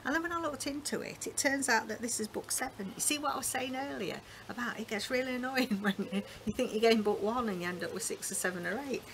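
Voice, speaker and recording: A woman's voice: a little high, fast talker, few pauses, a bit bright, a little hiss or hum, poor audio. A British woman vlogging about her book haul, chatting casually and reading blurbs and passages aloud. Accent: British English.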